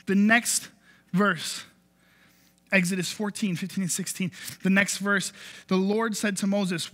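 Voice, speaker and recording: A man's voice: sits high, fairly even intonation, measured pace, a bit bright, big-room sound. A man preaching a sermon as pastor, telling the story with animation and briefly acting out the voices of the people in it. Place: church.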